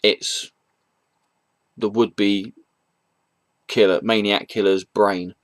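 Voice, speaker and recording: Low-voiced man rambling through a comic review. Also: little pitch movement, very slow, no echo. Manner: rambling, hesitant retelling with frequent ums; chuckles at the jokes he retells. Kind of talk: casual spoken review.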